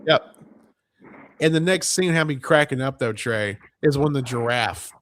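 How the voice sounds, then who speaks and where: A man co-hosts a casual movie review podcast, recapping scenes at length in a rambling way packed with fillers and quoted lines. His voice sits at a medium pitch with a fairly bright tone, and he sounds animated while speaking a little slowly.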